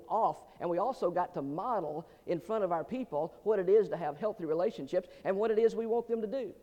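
Male pastor with a high voice, rapid, joking folksy sermon delivery and echoey hall sound. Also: darkish tone. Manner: folksy, joking, quick asides, repeats words. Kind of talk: sermon with humorous stories.

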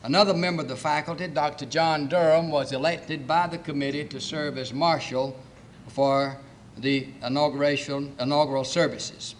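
A man chairing a committee, giving a formal, measured welcome address and reading out lists of honored guests. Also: fairly high pitch, steady tone, a little hiss or hum.

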